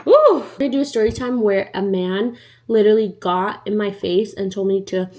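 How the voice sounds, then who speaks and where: A woman's voice: medium pitch, steady tone, normal speed, mellow. A young woman telling a storytime in a casual, chatty way, acting out the other people in her story. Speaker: vlogger.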